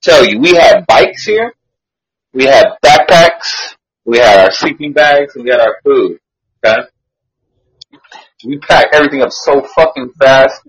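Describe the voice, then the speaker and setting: Slangy, animated man telling a story. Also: medium pitch, a little slow, long pauses, rough recording. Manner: slangy, animated, swears freely, laughs while telling. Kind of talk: casual storytelling.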